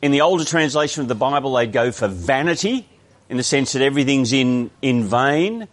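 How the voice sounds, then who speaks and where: A man's voice: medium pitch, expressive, a little fast. Conversational Australian male preacher. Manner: conversational, explanatory, with frequent restarts. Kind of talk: sermon.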